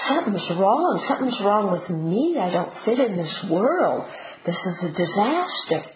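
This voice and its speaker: Lively woman giving a spiritual talk. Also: medium pitch, unhurried. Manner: conversational, often checks in with listeners. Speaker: Buddhist teacher. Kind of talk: dharma talk. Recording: roomy, dull and noisy.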